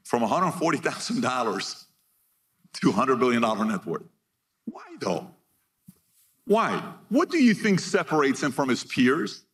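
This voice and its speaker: A man giving a motivational keynote to a live audience, energetic and punchy, reading figures out in short bursts and firing questions at the crowd. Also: mid-range voice, measured pace, pauses often. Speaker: keynote speaker.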